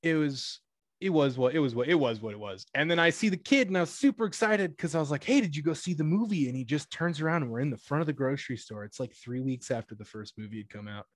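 Speaking fast, this twenty-something cashier chats loosely about his retail work, packing his stories with "like" and frequent restarts. He mimics the customers and coworkers he quotes in abrupt, squeaky bursts and laughs along. The recording has no room sound.

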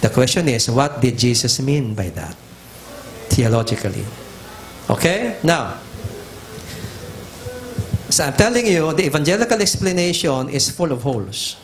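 A man's voice: mid-range voice, big pitch swings, normal speed, pauses often, background noise. A middle-aged Filipino man preaching a teaching sermon, emphatic and repetitive, switching back and forth between languages. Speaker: pastor.

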